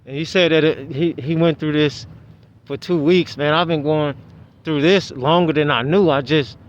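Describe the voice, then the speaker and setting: Brief: man vlogger, rambling outdoor storytelling, slightly high voice, dull lo-fi sound with faint traffic. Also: moderate pace. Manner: rambling, restarts, animated retelling. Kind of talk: casual storytelling monologue.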